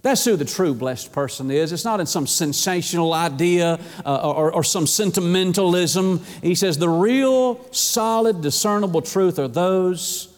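A man's voice: sits high, measured pace, hardly any pauses, in a large hall. A man preaching a sermon with passion, repeating phrases for emphasis. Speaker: pastor.

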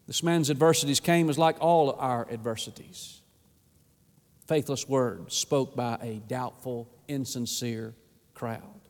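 A man preaching a sermon, swinging from emphatic bursts down to a low hush. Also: fairly even intonation, takes it slowly. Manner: dynamic preaching with sudden drops to a low hush. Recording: echoey with long reverb.

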